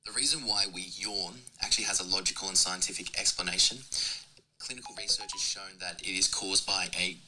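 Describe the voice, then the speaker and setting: A man delivering a deadpan mock-scientific monologue in a phone voice note. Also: sits low, a little fast, noisy background. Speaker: dating app voice note sender.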